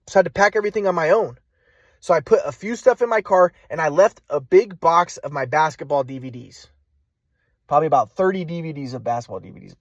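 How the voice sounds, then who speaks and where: A man's voice: sits high, no echo. A man vlogging a personal story in a rambling, emphatic way, often repeating himself.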